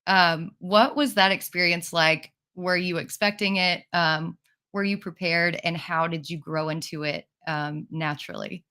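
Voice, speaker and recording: A woman's voice: on the low side, steady tone, unhurried, bright, forceful tone, smooth. A woman hosting an interview, asking questions and responding with encouraging enthusiasm. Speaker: interview host. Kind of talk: casual interview.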